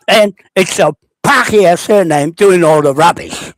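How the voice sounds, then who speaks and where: Man, New Zealand accent, indignant rambling rant, higher voice, dry close sound. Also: measured pace, few pauses, no echo. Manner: indignant, rambling and accusatory, repeating "okay?". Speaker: self-described landowner. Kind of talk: recorded spoken message, unscripted rant.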